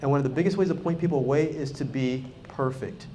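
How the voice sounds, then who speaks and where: A man giving a live, energetic talk to a conference audience, acting out quoted dialogue and speaking straight to the crowd. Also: medium pitch, quick pace, slight background noise. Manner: energetic, animated, acts out quoted dialogue, talks directly to the crowd. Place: conference hall.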